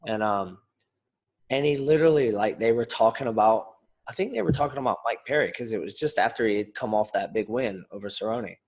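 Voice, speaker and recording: Give me an animated, rambling male podcast co-host who swears casually. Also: fairly low pitch, fairly quick. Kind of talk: casual chat.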